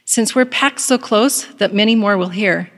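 A woman's voice: medium pitch, normal speed, fairly bright tone, long reverb tail, lightly acted. A woman voicing a hopeful, devout woman prisoner who speaks eagerly and serenely.

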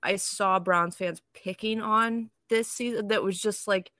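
A woman's voice: mid-range voice, steady tone, measured pace, fairly bright tone, dry recording. A woman co-hosting a casual podcast chat among friends, joking and chatty with lots of fillers. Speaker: podcast co-host.

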